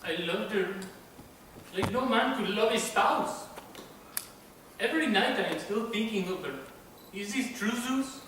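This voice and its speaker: A man doing a lovesick Spanish gentleman. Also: high voice, animated, unhurried, long pauses, slight background noise. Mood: wistful. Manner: earnest, tender, accented. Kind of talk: stage comedy acting. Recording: echoey stage from far off.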